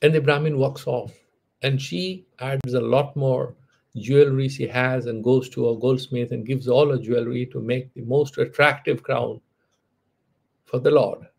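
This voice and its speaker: A man's voice: mid-range voice, fairly even intonation, measured pace, creaky. A man giving a lecture on spiritual philosophy, telling a story in a conversational way, with frequent "you know" asides and restarts. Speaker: spiritual teacher.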